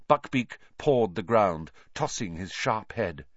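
A man's voice: on the low side, animated, slow pace, hardly any pauses, dry recording, dull audio. A man narrating an audiobook, reading expressively and voicing the characters.

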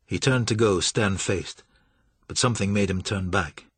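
A man reading a novel aloud in measured, steady scripted narration. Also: fairly low pitch, husky, no echo. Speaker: audiobook narrator.

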